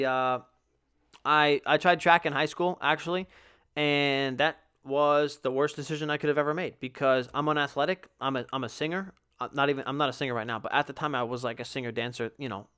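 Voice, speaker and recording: A man's voice: mid-range voice, fairly bright tone, clean tone. A young man hosting a podcast, telling a rambling, profane, self-mocking story about being bad at sports in a casual solo chat. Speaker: podcast host.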